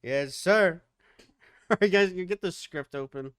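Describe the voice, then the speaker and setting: A man's voice: sits high, measured pace, a bit bright, clean tone, no room sound, clean studio sound. A man hosting a podcast in casual chat, brash and profane, laughing often as he narrates a comic script.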